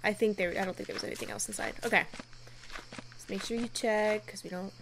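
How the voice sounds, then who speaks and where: A woman's voice: mid-range voice, fairly even intonation, fast, background noise. A woman whose first language is not English, casually and wryly commenting while she plays a game. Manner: casual, wry, a bit uneasy, swears. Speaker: gamer. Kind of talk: let's play commentary.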